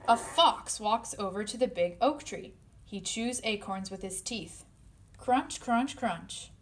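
A woman reading a picture book aloud to children, playfully voicing the animal sounds with high squeaks and yips. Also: measured pace. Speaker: storybook reader.

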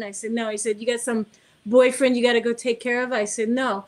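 A woman's voice: on the high side, fast. A middle-aged woman, a guest car builder, telling anecdotes in a casual interview and acting out the dialogue. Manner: animated anecdote telling, acts out dialogue, laughs often.

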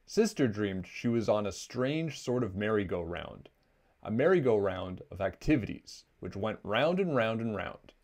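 A man with a low voice reads a children's picture book aloud. His delivery is lively, with plenty of rise and fall in pitch, and it carries a clear storytelling rhythm. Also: moderate pace. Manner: expressive, storytelling.

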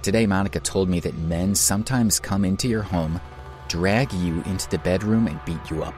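A man voicing a calm young hero who speaks coolly and cuttingly. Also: low voice, moderate pace, faint music behind, natural voice. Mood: grave.

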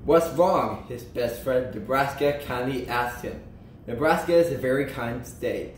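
A man reading a children's storybook aloud in an animated way, slowing down and lifting his voice for emphasis. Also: echoey room, slight background noise, poor audio. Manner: animated, slows and lifts pitch for emphasis and character lines. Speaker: storybook reader.

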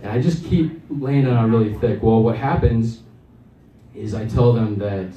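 A man's voice: medium pitch, moderate pace, mellow. A man doing a rambling, self-deprecating open mic stand-up set in a small comedy club, chuckling as he goes. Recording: echoey club, mic far off.

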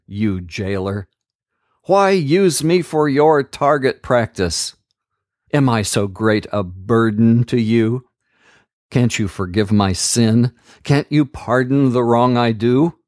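A man hosting a daily Bible reading podcast, reading scripture aloud in a slow, measured, earnest way and adding a short devotional comment. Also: medium pitch, a little mellow, no echo, studio quality.

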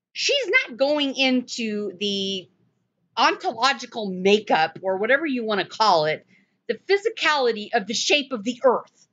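A woman's voice: a little high, measured pace. A woman giving a conversational Bible study in an emphatic way. She sometimes stops to correct herself. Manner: animated, emphatic, self-correcting. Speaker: Bible teacher. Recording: dull lo-fi recording.

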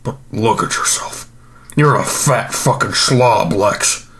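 A man's voice: fairly low pitch, slow, fairly bright tone. A man playing an overstuffed, self-pitying male supervillain in an improvised comedy monologue, groaning and rambling about his regrets.

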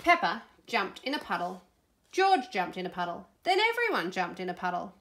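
A woman reading a children's storybook aloud in an expressive, playful way. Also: mid-range voice, moderate pace. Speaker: storybook reader.

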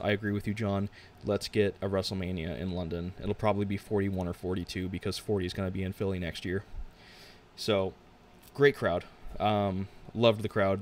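Young guy rambling thru a wrestling review, lowish voice, keeps restarting, slight hiss behind. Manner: rambling, self-interrupting, frank opinions. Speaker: podcast host reviewing wrestling. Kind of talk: casual solo review.

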